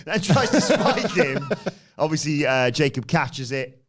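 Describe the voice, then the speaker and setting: A man co-hosting a review podcast, recapping events with a lively, swinging pitch. His talk is casual and animated, with quick asides. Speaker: podcast co-host.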